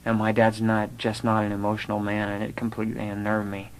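A young man with a fairly low voice tells a personal testimony in an earnest way. He carries the story through remembered conversations, quoting each person as he goes. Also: monotone, fairly quick, a little hiss or hum, low-quality recording. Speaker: speaker telling his conversion story.

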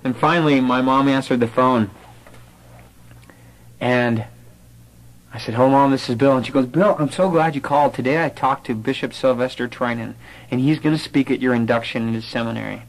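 Through poor audio, a young man with a brisk mid-range voice tells his personal testimony in earnest. He brings his story to life by replaying remembered dialogue with others.

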